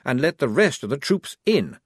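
A prissy, pompous young officer with a raised, mannered voice, as a male reader puts him on. The storybook reading leaps about in pitch and sounds dry and close. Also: big pitch swings, normal speed, slightly rough, dry recording. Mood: eager. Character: prim, earnest young officer, man, pompous and fussy.

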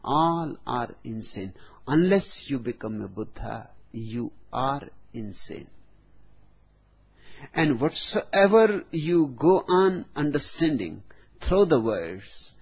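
A man giving a spiritual discourse, slow and deliberate, with long pauses between phrases. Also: mid-range voice, very animated, gravelly, breathy edge. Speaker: spiritual teacher. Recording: dull lo-fi recording.

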